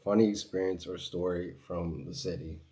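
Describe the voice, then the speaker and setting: A man's voice: low voice, moderate pace. A man from New York telling travel stories in a casual way, laughing often as he talks. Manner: laughing often, animated and lively storytelling. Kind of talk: casual storytelling.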